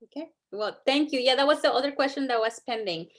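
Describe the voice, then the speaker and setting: Woman host on a facebook-style live, slightly high voice, friendly and chatty. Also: fast. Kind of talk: casual live-stream chat.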